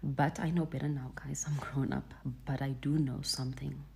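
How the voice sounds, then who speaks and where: A woman from Africa co-hosting a reaction video, talking earnestly with emphasis and dropping into soft asides. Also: extremely low pitch, flat delivery, normal speed, creaky, husky. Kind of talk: casual chat.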